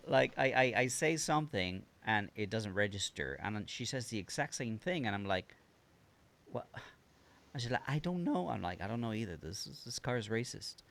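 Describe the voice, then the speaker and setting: A man co-hosting a casual video-call chat, telling animated stories, mimicking other voices and laughing often. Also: fairly low pitch, moderate pace, vocal fry. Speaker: co-host.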